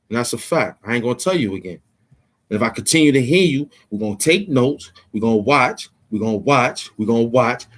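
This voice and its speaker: A man, hosting his own channel and lecturing straight to camera in an impassioned, slangy rant from a warm indoor room. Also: medium pitch, breathy edge. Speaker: YouTube host.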